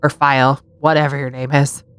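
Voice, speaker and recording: A woman's voice: a bass voice, little pitch movement, brisk, fairly bright tone, clear, resonant tone, no echo. A woman co-hosting a casual podcast, telling true-crime stories with sarcastic asides and frequent giggles. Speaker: podcast co-host.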